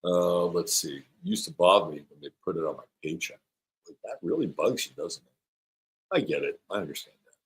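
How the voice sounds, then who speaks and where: A man's voice: deep voice, a little fast, poor audio. A middle-aged man hosting an astrology live stream, chatting playfully and rambling as he reads viewer comments aloud. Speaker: astrologer host.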